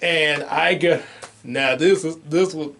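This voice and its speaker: A man's voice: on the high side, slow, fairly bright tone, slight background noise. A man co-hosting a casual movie review, rambling with many restarts and laughing at his own jokes.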